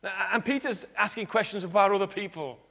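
A man preaching a sermon in church, earnest, dropping to quiet emphatic points. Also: high voice, brisk, creaky. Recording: long hall reverb.

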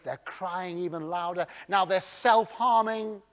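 A man preaching a sermon and reading scripture, swinging dramatically between loud emphasis and hushed tones. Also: high-pitched, expressive, takes it slowly.

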